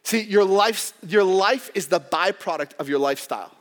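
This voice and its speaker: Animated joking preacher man in a reverberant hall. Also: high voice, moderate pace. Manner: animated, joking, acts out voices. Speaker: pastor. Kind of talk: sermon.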